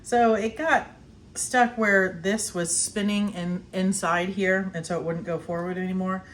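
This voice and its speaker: Speaking at a measured pace with medium pitch and fairly even intonation, she gives a casual cooking demonstration in her home kitchen. The middle-aged homestead vlogger is chatty, laughs a lot, and nibbles while working, over slight background noise.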